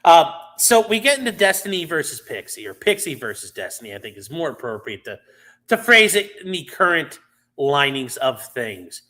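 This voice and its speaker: A man chatting loosely on a livestream, his bright, sharp voice bouncing all over in pitch. He rambles through viewer comments with plenty of fillers and the odd swear word, close to the mic. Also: sing-song, normal speed. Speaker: livestream host. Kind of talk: casual livestream chat answering viewers.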